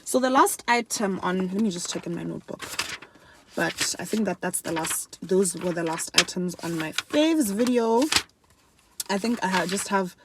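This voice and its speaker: A young woman chatting casually to camera in a favourites vlog, animated and laughing often, switching between English and another language mid-sentence. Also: mid-range voice, moderate pace, noisy background. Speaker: beauty and lifestyle vlogger. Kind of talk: casual chat.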